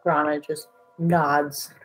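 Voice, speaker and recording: A woman playing a tabletop game in character, talking in a halting, hesitant way. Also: sits low, flat delivery, faint music behind, poor audio. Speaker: player.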